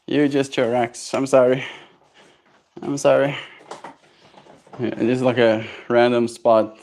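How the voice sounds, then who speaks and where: A man's voice: medium pitch, darkish tone, slight background noise. A man streaming a daily vlog, talking in a laid-back, slangy, chatty way. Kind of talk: casual vlog commentary.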